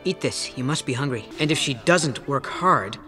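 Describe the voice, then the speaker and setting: A man's voice: mid-range voice, animated, moderate pace, pushed and bright, soft background music. A cold young spirit boy giving curt orders. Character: aloof young male river spirit. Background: film score.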